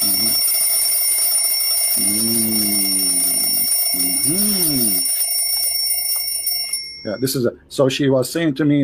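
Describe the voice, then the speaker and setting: A man hosting a debate with a caller, teasing and mocking, repeating himself and swinging between loud jabs and low asides. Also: very slow, vocal fry, long pauses, heavy background noise. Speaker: show host debating a caller.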